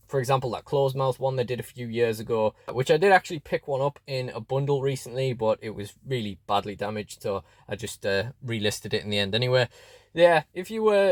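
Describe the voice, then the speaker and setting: A man's voice: mid-range voice, darkish tone, no room sound. A man chatting casually through a toy unboxing review, rambling with fillers and restarts, recorded close and dry.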